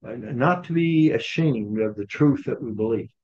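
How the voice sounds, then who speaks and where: In a dull lo-fi recording, a Bible study leader walks a small group through scripture conversationally, asking questions and acting out the quoted lines. His medium-pitched voice has a darkish tone, lively intonation and a moderate pace.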